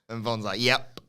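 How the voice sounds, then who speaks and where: Animated man recapping wrestling. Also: mid-range voice. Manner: animated storytelling, acting out quotes with loud shouts and laughs. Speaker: podcast co-host recapping wrestling. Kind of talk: casual chat.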